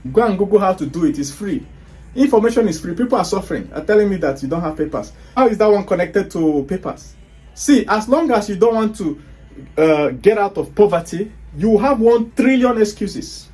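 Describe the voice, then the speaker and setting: Nigerian guy, pretty high voice, lecturing hard and scolding, lots of rhetorical questions. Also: expressive, brisk, darkish tone, faint music behind. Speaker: online business speaker. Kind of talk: motivational talk to viewers.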